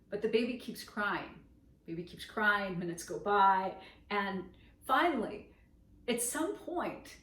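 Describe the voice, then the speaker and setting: Woman yoga teacher, slow and gentle reflective delivery, recorded from a distance in an echoey room. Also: mid-range voice. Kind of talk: spoken dharma talk.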